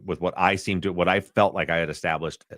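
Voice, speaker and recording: A man's voice: deep voice, fairly even intonation, fast talker, a bit bright, no echo, clean studio sound. A man co-hosting a podcast, asking questions earnestly in casual conversation and searching for his words. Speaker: podcast co-host.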